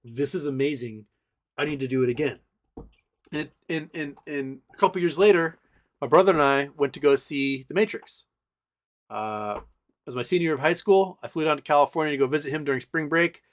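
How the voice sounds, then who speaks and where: A man's voice: on the high side, brisk. Rambling man in his forties. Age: 40s. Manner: rambling storyteller, many fillers and restarts. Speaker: livestream host. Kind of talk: casual livestream chat.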